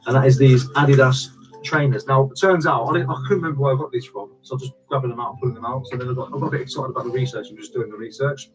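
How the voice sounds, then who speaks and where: A man's voice: mid-range voice, fairly even intonation, very fast, faint music behind, rough recording. A man chatting casually on a live stream, repeating himself and thanking viewers. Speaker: online reseller and streamer.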